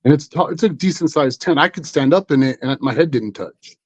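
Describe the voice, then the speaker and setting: A man's voice: fairly high pitch, a little fast, dry recording, low-quality recording. A man telling a story as a guest on a live stream, rambling with many fillers and restarts. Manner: rambling, full of 'you know' and restarts.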